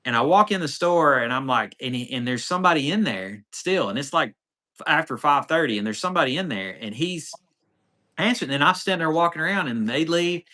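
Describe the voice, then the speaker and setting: A man's voice: on the high side, lively intonation, fairly quick, bright, forceful tone. A man, hosting a casual off-road livestream and telling a rambling story with lots of quoted dialogue. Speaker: off-road channel host.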